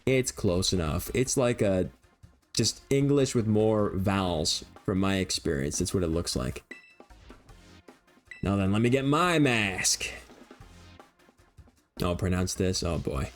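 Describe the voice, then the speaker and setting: A man's voice: deep voice, animated, slow, pauses often, faint music behind. A young man streaming a video game, rambling and joking in a casual running commentary and laughing easily.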